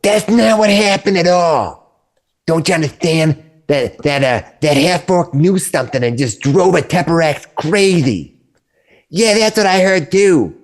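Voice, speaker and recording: A man's voice: on the high side, lively intonation, a little slow, voice pushed up. Man doing a gossipy kobold worker, broken grammar. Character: chatty male kobold camp worker.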